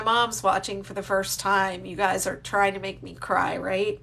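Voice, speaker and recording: A woman talks unhurriedly on a casual livestream, reading viewer comments aloud in a chatty, gushing way. Her voice is bright, with a gravelly fry on the ends of phrases, and it keeps a slow, easygoing pace. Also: mid-range voice, little pitch movement. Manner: chatty and gushing, with frequent fillers. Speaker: crochet designer hosting a livestream.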